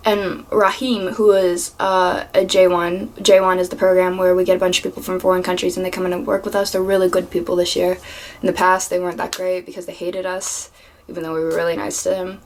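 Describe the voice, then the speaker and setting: A young adult woman telling work stories in a casual storytime vlog, animated and swearing freely, sometimes dropping to a whisper for asides. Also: lowish voice, brisk. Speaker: vlogger. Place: home room with a fan.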